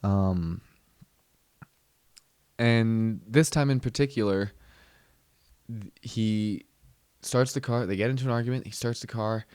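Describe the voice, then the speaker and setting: A Southern California man hosts a comedy podcast, casually telling a rambling, profane story as he swears freely, acts out yelling and sings snippets of songs. His voice sits on the low side and is smooth, moving at a slow pace with long pauses in a dry recording.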